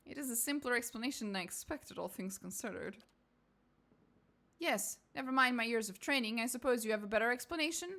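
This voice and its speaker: A woman voicing a pompous, fussy female scholar of souls, speaking briskly and clinically in a self-important tone. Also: a little high, pushed and bright.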